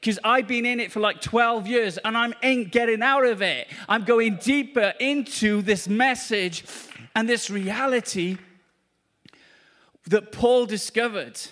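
A man's voice: sits high, unhurried, fairly bright tone. A man preaching a charismatic sermon at a church meeting, fervent and repetitive, exclaiming to the congregation.

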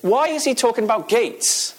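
High-voiced emphatic male preacher. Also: lively intonation, moderate pace. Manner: emphatic, repeats key phrases, asks the audience questions. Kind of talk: sermon.

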